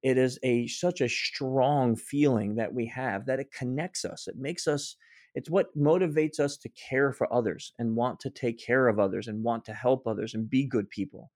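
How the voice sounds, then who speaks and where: A man's voice: mid-range voice, moderate pace, darkish tone, no echo, studio quality. A middle-aged man, a guest author, earnestly telling a personal story in conversation, often restarting his sentences.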